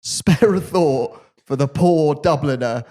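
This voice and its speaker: A man's voice: on the high side, slow, warm tone. A man hosting a podcast, retelling a story in a chatty, wry, jokey way.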